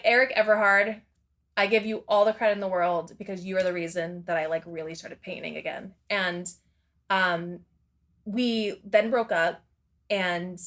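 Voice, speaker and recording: A woman's voice: medium pitch, a bit bright. A woman speaking as a guest in a casual interview, rambling and candid, swearing freely and laughing often between her thoughts.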